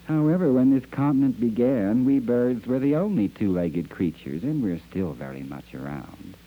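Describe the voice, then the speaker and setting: A flock of chattering birds, as a man puts them on, leaping between quacks, hoots and cheeps with a lively, husky voice. The sound is dull and lo-fi, like an old archive tape. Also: mid-range voice, normal speed, voice pushed up. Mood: cheerful. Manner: mimics quacks, hoots and chirps. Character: chorus of chattering wild birds.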